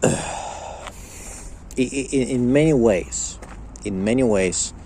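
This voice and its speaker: A man rants in a heated podcast monologue, swearing freely and tripping over repeated words. His voice sits at a middling pitch with a dark, mellow tone. Faint traffic hums behind him outdoors. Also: takes it slowly. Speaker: podcast host. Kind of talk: ranting monologue.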